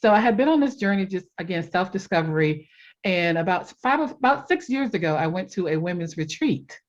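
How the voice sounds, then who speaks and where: A woman guest on a podcast telling a personal story in a casual interview, animated and quick to laugh. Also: fairly low pitch, muffled recording. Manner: animated, laughs often, acts out quotes. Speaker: podcast guest, life coach.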